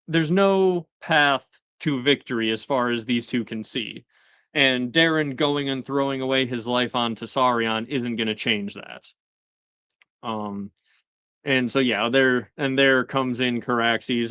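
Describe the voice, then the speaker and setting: A man casually recapping a TV episode for his show, chatty with lots of fillers and quick paraphrased quotes. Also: mid-range voice, a bit bright, smooth, dry recording. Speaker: show host.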